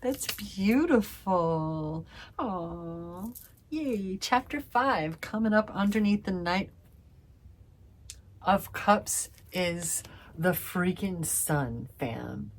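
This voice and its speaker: A woman's voice: lowish voice, lively intonation, drawn-out words, slight background noise. A woman giving a casual tarot reading to her viewers, gushing and effusive, calling them fam and swearing playfully. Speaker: tarot reader.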